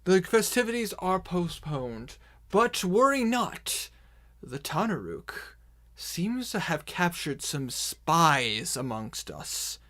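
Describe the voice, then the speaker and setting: A man playing a slow, pompous orc herald. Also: high-pitched, sing-song, fairly bright tone, voice pushed up, exaggerated voice. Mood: proclaiming. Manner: slow, drawn-out proclamations. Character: male orc herald addressing a crowd, pompous.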